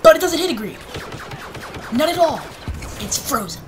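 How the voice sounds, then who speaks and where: A woman's voice: high voice, normal speed, music in the background, poor audio. A woman hosting a gaming video, chatting casually and cheering or yelping as she plays. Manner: excitable, yelps and cheers mid-play. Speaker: gaming channel host. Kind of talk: casual gameplay commentary.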